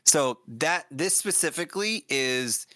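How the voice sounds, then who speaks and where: A man coaching metal vocals in casual chat, breaking off to demonstrate gritty growls and high screams, with frequent restarts. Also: expressive, unhurried, sharp tone, no room sound. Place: streaming setup, video call.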